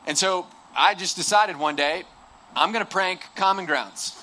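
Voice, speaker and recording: Young guy preaching, joking story, brightish tense voice, slight hiss behind. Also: high-pitched, normal speed. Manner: humorous, conversational, self-deprecating storytelling with frequent restarts. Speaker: campus ministry speaker. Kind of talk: sermon storytelling.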